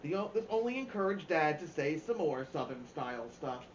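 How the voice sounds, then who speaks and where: A man's voice: fairly high pitch, animated, moderate pace, reverberant, lo-fi sound, a little hiss or hum. A man reading a novel aloud for a storytime show, giving the characters' quoted lines their own voices. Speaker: storytime reader.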